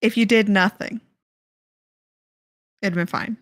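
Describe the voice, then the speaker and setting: A woman streaming, casually reacting to a video, frank and quick to laugh and swear. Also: medium pitch, steady tone, no room sound, clean studio sound.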